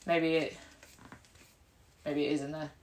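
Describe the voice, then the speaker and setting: A woman co-hosting a podcast, chatting casually over a card game, laughing often and swearing freely. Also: unhurried. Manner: giggly, swearing, lively pitch. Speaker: podcast co-host.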